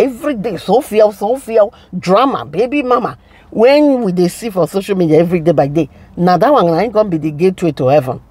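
A woman's voice: medium pitch, darkish tone, husky, dry recording. A woman with a Nigerian accent ranting to her viewers in a casual vlog, preachy and scolding. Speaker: vlogger. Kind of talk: casual commentary rant to viewers.

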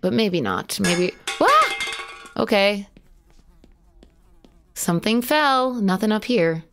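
A woman's voice: mid-range voice, animated, slow pace, a little hiss or hum. A woman streaming a horror game live, chatting to viewers, yelping at jump scares and swearing casually. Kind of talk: live horror gameplay commentary.

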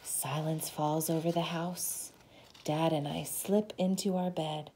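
Slow, gentle storytime reader woman. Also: low-pitched, husky. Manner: expressive, gentle read-aloud, asks children to join in. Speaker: children's storytime host. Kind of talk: reading a picture book aloud.

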